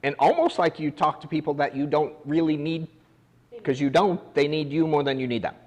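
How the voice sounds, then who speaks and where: A man's voice: on the high side, fairly quick, darkish tone, big-room sound. A man who runs an agency, coaching his agents in a casual, blunt way with the odd swear word. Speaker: agency owner training agents. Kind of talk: casual coaching talk to a room. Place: office meeting room.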